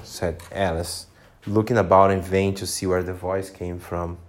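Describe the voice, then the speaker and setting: A man reading a storybook aloud to children, pausing now and then to explain words. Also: low voice. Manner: animated, unhurried, pauses to explain words.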